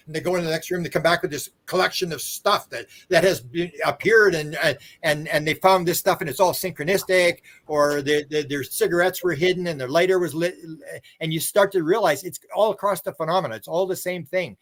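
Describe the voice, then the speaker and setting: A man's voice: a little high, a little fast, a bit bright. An older man, a guest author and researcher, telling long rambling stories in a casual interview. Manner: rambling storyteller who acts out other people's words.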